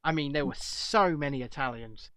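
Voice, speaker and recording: A man's voice: mid-range voice, moderate pace, fairly bright tone, smooth, no room sound. A man from the UK co-hosting a live podcast, chatting casually with a sarcastic, mocking edge. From United Kingdom. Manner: sarcastic, mocking, laughs often. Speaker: podcast co-host.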